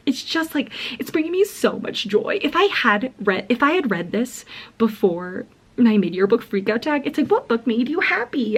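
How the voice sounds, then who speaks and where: A young woman chatting casually in a reading vlog, gushing and giggly, full of "like" and often dropping into a whisper. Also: a little high. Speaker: book vlogger.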